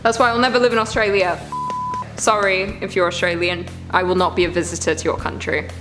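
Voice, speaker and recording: A woman's voice: fairly low pitch, steady tone, fairly quick, over music. A woman hosting a reaction video in casual commentary, squeamish and groaning in disgust.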